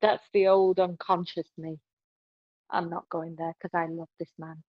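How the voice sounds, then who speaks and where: A woman's voice: fairly low pitch, little pitch movement, a little slow, no room sound, lo-fi sound. A woman being interviewed on a podcast, giving relationship advice in an emphatic way and often adding "right?" to her points. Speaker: podcast guest.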